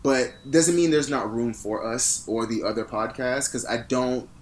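A man's voice: medium pitch, a little slow, slight background noise. A man co-hosting a podcast in casual chat, telling stories with lots of fillers and restarts. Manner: rambling storyteller with many fillers. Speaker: podcast co-host.

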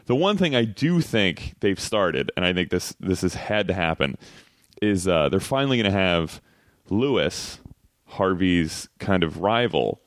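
A man guesting on a podcast in casual chat, relaxed and wry, often trailing off and restarting. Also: deep voice, no room sound, clean studio sound. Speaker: comedy writer guest.

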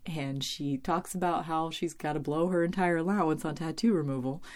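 A woman's voice: low voice, normal speed, a little mellow. A woman talking in a casual, rambling way, full of fillers and blunt asides, as she reviews a TV episode. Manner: chatty and rambling, with many fillers and cursing asides. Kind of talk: casual chat.

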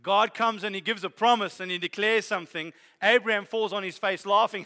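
A man preaching a sermon, animated and humorous, building to loud exhortation. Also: sits high, a little fast, few pauses. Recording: long hall reverb.

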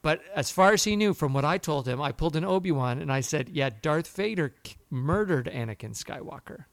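A man co-hosting a podcast, telling a story in a lively way and acting out the people he quotes. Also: on the high side, brisk, dry recording. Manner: animated storyteller, acts out quotes. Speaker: podcast co-host. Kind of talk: casual chat.

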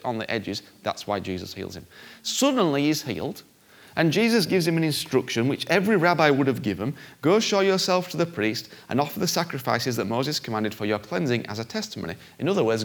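A man delivers a sermon conversationally and with animation. He acts out voices, his pitch jumping widely.

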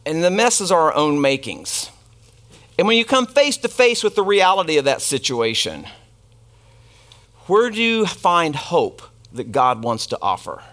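A man delivers a sermon in a high, light voice. He tells the story loosely and conversationally. He breaks off to toss asides and questions to the congregation. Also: very animated, unhurried, a bit bright. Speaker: pastor.

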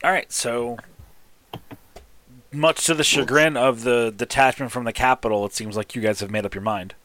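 A man narrating a tabletop game as game master, relaxed, with frequent fillers. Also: mid-range voice, moderate pace.

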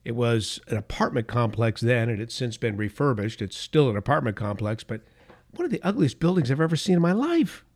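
This middle-aged or older man talks briskly and very animatedly at medium pitch, delivering a political commentator's opinion monologue. He is emphatic, repeating key phrases for emphasis and dropping into soft asides.

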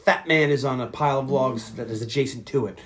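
A man's voice: mid-range voice, quick pace, slight background noise. A man co-hosting a casual podcast, walking through a movie scene by scene. He swears freely and jumps into the characters' lines as he goes. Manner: profane, animated retelling with acted-out quotes. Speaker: podcast co-host. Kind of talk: casual movie recap chat.

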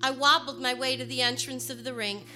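A woman from Chicago telling a personal story, partly in rhyming verse, moving between hushed and emphatic delivery. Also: sits high, fairly even intonation, a little fast, over music. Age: adult.

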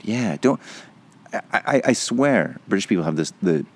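A very deep-voiced man delivers a heated solo podcast rant. His pitch swings widely as he swears and mocks, and his talk stays fierce and scornful throughout. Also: lively intonation, moderate pace. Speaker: podcast host.

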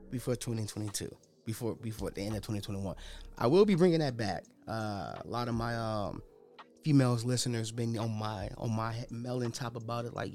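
A man's voice: medium pitch, moderate pace, soft background music. Rambling slangy podcast host man. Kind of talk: unscripted casual monologue.

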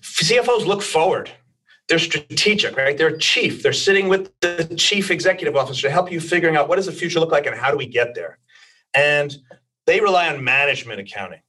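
A man's voice: a little high, bright, forceful tone, far from the mic. A man, a company president and CEO, answering interview questions. He explains confidently, with many filler phrases.

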